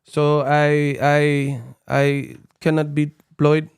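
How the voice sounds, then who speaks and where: A man's voice: fairly high pitch, monotone, clean tone. A man doing a mocking impression of a foreign male boxer who stammers through excuses. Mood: sheepish. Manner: halting, stammering, repeats words.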